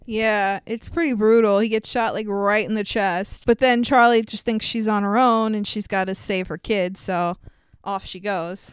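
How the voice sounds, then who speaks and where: A woman co-hosting a podcast, casually recapping a movie in an animated, profane way that is full of laughs. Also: mid-range voice, moderate pace, clear, resonant tone, no echo. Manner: animated, profane, laughs often, acts out quotes. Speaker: podcast co-host.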